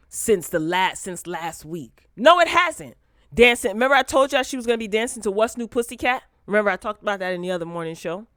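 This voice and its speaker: Woman, vlog host, mid-pitched, animated and sassy, chats right to viewers on a dry close mic. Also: no room sound. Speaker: host of a pop culture talk show. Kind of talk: casual commentary vlog. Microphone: close desk mic.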